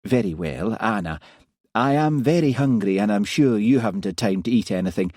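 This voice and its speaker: A man voicing an easygoing village constable with a Scottish Highland accent, mild and polite. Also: animated, normal speed, darkish tone, no echo, clean studio sound.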